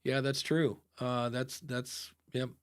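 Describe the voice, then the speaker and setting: A man from the United States co-hosting a podcast in casual chat, animated and jokey, rambling with fillers. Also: medium pitch, takes it slowly, smooth. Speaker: podcast host.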